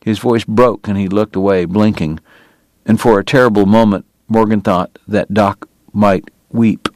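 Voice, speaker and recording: Low-voiced male audiobook reader. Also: fairly even intonation, measured pace, darkish tone, dry recording. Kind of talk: scripted narration.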